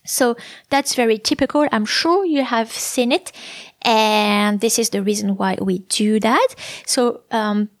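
A woman hosts a language podcast lesson in a slightly high voice. She explains thoughtfully, pausing on fillers and restarting sentences. The recording is close and dry. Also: no room sound. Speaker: French language podcast host.

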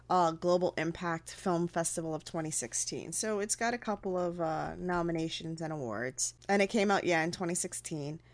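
A woman's voice: on the low side, no echo. A woman co-hosting a casual podcast, reading notes aloud with stumbles and fillers. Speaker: podcast co-host.

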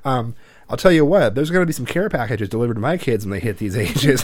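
A man's voice: medium pitch, animated, fast talker. A man in his thirties hosting a podcast, talking bluntly and profanely in casual chat, rambling with restarts. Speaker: podcast host.

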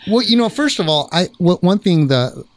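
A man's voice: sits high, big pitch swings, normal speed, no echo. Man hosting a podcast, rambling. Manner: rambling, restarts, many affirming "mm-hmm"s. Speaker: podcast host. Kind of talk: casual interview chat.

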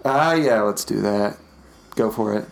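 A man's voice: lowish voice, measured pace, gravelly. A man co-hosting a podcast in casual, rambling chat, joking and laughing often. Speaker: podcast co-host.

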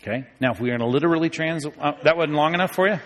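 Casting: middle-aged male pastor, higher-pitched, classroom Bible teaching with quick asides and slow, careful emphasis. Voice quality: lively, joking, moves between quick asides and slow deliberate reading.

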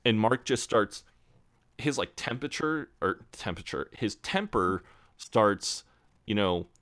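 A man's voice: on the low side, lively intonation, unhurried, a bit bright, no echo. A man co-hosting a podcast, chatting casually, swearing freely and acting out characters' lines. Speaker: podcast co-host. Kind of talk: casual chat recapping a show.

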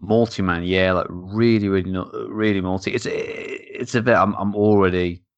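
A man's voice: low voice, fairly even intonation, moderate pace, dry recording, dull audio. A young man hosting a casual podcast, rambling and joking with lots of fillers. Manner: rambling, jokey, many fillers. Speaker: beer podcast host. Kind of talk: casual chat.

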